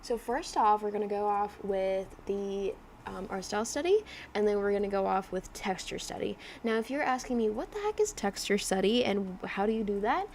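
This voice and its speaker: Chatty young woman with a gravelly edge. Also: mid-range voice, animated, moderate pace, a little mellow, slight background noise. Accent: drifting mix of mimicked accents. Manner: chatty, rambling, laughs often, many fillers. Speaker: digital artist livestreaming. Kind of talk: casual livestream chat while drawing.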